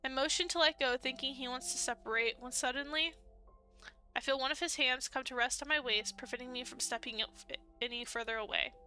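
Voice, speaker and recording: A woman's voice: sits high, brisk, pushed and bright, faint music behind. A young woman streaming a dating game, reading its narration aloud and reacting expressively, laughing and emotional. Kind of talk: let's play with read-aloud narration.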